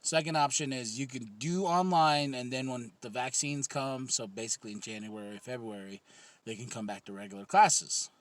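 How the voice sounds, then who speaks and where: A man's voice: medium pitch, moderate pace, dry recording. A man in his thirties co-hosting a casual comedy podcast, rambling and swearing, laughing often. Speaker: podcast co-host.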